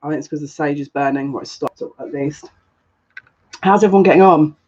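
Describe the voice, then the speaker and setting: A woman's voice: low-pitched, brisk, a little mellow, husky, muffled recording. A woman psychic reader chatting on a live stream, rambling casually and greeting viewers one by one by name. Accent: noticeable accent, complimented by viewers.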